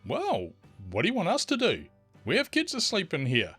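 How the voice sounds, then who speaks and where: A man's voice: high-pitched, huge pitch swings, normal speed, a bit bright, slightly rough, faint music behind, voice pushed up, full character voice. A man voicing a whiny, evasive, entitled middle-aged woman at a campsite.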